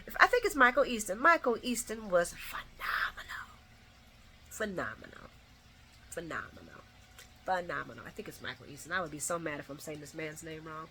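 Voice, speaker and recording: Woman doing a soap recap, really bright voice, emotional and rambly. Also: low voice, sing-song, normal speed, slight background noise. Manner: emotional, rambling, shouts at the screen. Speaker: soap opera recap host. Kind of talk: casual spoken recap.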